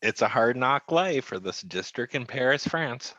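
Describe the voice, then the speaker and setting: A man co-hosting a movie podcast, laid-back and quick to laugh, swearing casually as he talks films. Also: mid-range voice, animated, pushed and bright, no echo. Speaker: podcast co-host. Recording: dull, dry, lo-fi mic.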